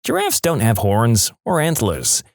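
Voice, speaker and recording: Reading listener posts on a podcast, a man lets his pitch swing widely and interrupts with wry, deadpan comments of his own. His delivery is a little slow with some vocal fry, and the close recording has no echo or room sound whatsoever.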